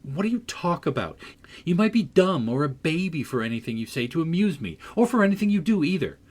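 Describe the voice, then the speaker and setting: A man's voice: a little high, sing-song, husky, pitched above the performer's own voice. Catherine: a man doing a peevish, pouting teenage girl. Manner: peevish, pouting, quick sharp demands. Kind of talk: audiobook character voice.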